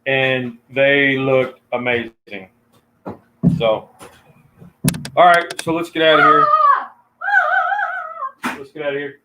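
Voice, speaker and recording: A man's voice: medium pitch, huge pitch swings, noisy background. A man hosting a family cooking livestream, talking in an easygoing way that halts often on fillers. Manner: easygoing, halting with many fillers. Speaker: cooking show host. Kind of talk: casual livestream chat.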